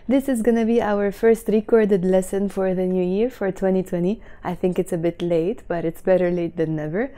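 A young woman with a Lebanese accent, explaining phrases slowly and carefully in a casual vlog lesson. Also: medium pitch, fairly even intonation, warm tone. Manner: slow careful word-by-word explanations. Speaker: Arabic teacher.

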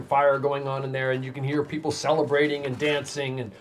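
A man's voice: medium pitch, flat delivery, fairly quick, a little hiss or hum. A man narrating as game master for a tabletop game, describing scenes and calling on players in turn.

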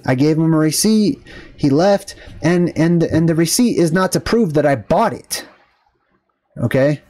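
A man's voice: on the high side, animated, a little slow, a little mellow. A man vlogging, telling a story in an indignant, rambling rant full of fillers and asides. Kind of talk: casual ranting storytelling.

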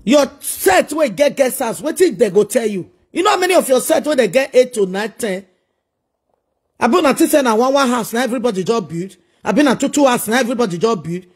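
A man's voice: very high-pitched, lively intonation, brisk, slightly rough. A man with a Nigerian accent delivering a preachy, scolding monologue full of repeated rhetorical questions. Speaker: social media commentator.

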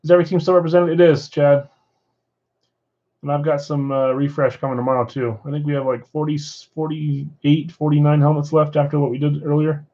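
Card shop breaker, male, a bit high-pitched, rattling off assignments; dull stream audio. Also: brisk. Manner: rattles off names and teams in a steady list.

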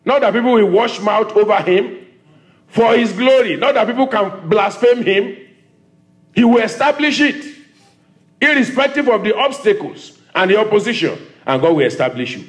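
Man, Nigerian accent, pastor, church sermon, high-pitched, repetitive call-and-response preaching. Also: expressive, moderate pace. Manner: preaching with call-and-response, repeating phrases for emphasis. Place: church service.

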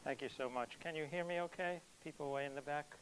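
A man's voice: a little high, fairly quick, slight background noise, poor audio. A man introducing his poetry at a reading, speaking in a hesitant, reflective way with frequent ums. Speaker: poet giving a reading. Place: cultural center hall.

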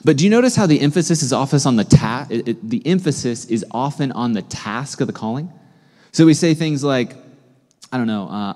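Male pastor, mid-pitched and warm, chatty sermon delivery, long church reverb. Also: fairly quick. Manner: conversational, animated, asks the congregation questions. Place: church sanctuary.

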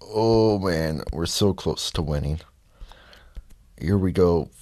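A man giving casual gameplay commentary, reacting loudly to the race and muttering frustrated asides. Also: sits low, slow, no echo, clean studio sound. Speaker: let's play gamer.

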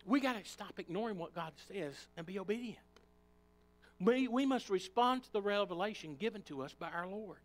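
Man, Appalachian accent, high-pitched preacher, impassioned Sunday sermon in a church. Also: animated, normal speed. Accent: Appalachian American. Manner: impassioned preaching, rising and falling in pitch and volume. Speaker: pastor. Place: church sanctuary.

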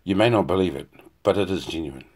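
A weary, proud male hunter with a deep, low voice, read by a man. He speaks tersely and grimly, with blunt, earnest questions. It is a plain audiobook dialogue voice, not a showy one. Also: breathy edge. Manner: terse, measured, grim.

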